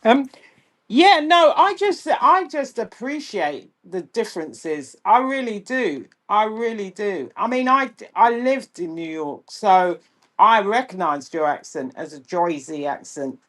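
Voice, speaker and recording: A woman with a London accent, co-hosting a podcast in casual chat, speaking in a measured, slightly hesitant way. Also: mid-range voice, big pitch swings. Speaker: podcast co-host.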